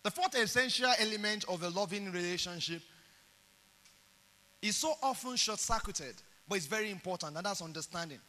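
Bright, high-voiced Nigerian preacher. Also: male voice, brisk, big-room sound. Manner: animated storytelling, acts out dialogue. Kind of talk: sermon.

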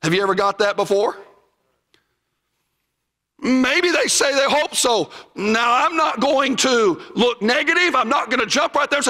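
High, bright-voiced Southern preacher man. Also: normal speed, in a large hall. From Southern United States. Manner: folksy, emphatic, now and then raising his voice. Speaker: preacher teaching evangelism. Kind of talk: sermon teaching. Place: church.

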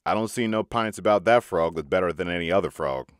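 A man reading a sly stranger who speaks slowly and deliberately. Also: sits low, no echo, studio quality, close to an everyday voice. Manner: slow and deliberate.

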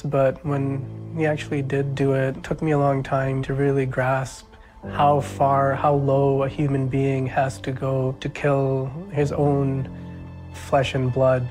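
Flat-voiced indignant man. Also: medium pitch. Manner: indignant, emotional. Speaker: family friend. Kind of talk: documentary interview.

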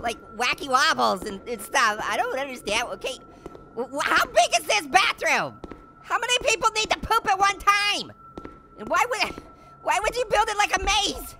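A woman's voice: extremely high pitch, bright, forceful tone, slight background noise. A woman hosting a comedic let's-play, chatting and giggling as she plays a spooky game. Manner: giggly, jokey, exclaiming. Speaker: gaming channel host.

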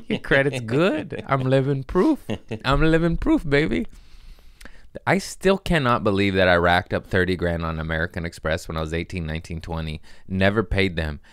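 A man's voice: deep voice, fairly bright tone, smooth, no echo, clean studio sound. A man hosting a podcast in casual chat, rambling and profane, mocking himself and laughing often. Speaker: podcast host.

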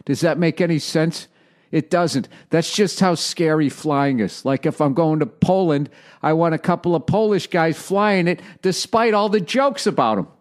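American man in his forties, podcast host, rambling profane comedic monologue, high-pitched mocking asides, fairly high voice. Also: moderate pace. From United States. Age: 40s.

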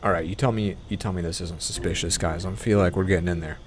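Excitable young man narrating a game. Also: deep voice, fast. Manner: excitable, exasperated, rambling; drops to hushed, whispery mutters while sneaking. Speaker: gaming YouTuber. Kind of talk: casual let's-play commentary. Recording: game music playing underneath. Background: game music.

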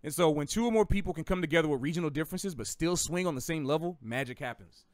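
A man's voice: on the high side, fast, no echo, studio quality. Chatty Southern man teaching jazz. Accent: slight Southern American. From American South. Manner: rambling, self-correcting, chatty with gaming analogies. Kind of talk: casual livestream lesson.

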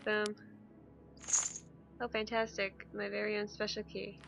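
A young woman playing a horror game and commenting, excitable, swearing and reading the game's lines aloud. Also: mid-range voice, measured pace, vocal fry, pauses often, dull audio, over music. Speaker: gaming YouTuber. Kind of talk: let's play commentary.

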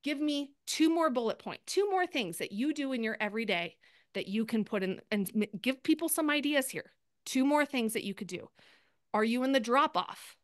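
A woman coaching a group on a live video call, energetic and chatty, often restarting her sentences. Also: on the high side, normal speed, dry recording, studio quality. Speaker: sales coach.

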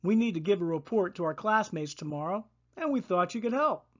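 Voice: mid-range voice, animated, brisk, lo-fi sound, natural voice. A storyteller voicing an anxious young schoolboy. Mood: worried. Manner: anxious, plaintive.

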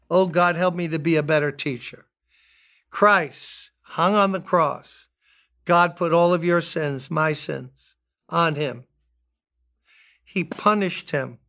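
An older man preaching a sermon as pastor, emphatic, repeating key words and rising high on his appeals. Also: vocal fry, fairly bright tone.

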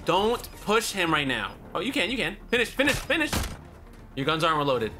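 A man's voice: sits high, very animated, brisk, music in the background. A young man giving casual, profane commentary while spectating a shooter game, trash-talking and barking repeated warnings at the player. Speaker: gaming YouTuber.

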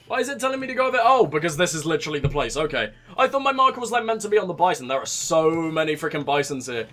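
High, lively sarcastic gaming host. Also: male voice, rapid-fire, faint music behind. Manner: sarcastic, rambling, crude jokes. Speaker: let's play host. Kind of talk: comedic gameplay commentary.

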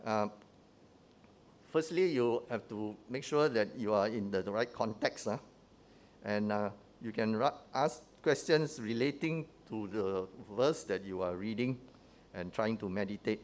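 A man's voice: on the low side, measured pace. A man teaching a sermon in a conversational way, often checking in with the congregation with "huh?" and "right?" and restarting his phrases. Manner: often restarts and repeats words.

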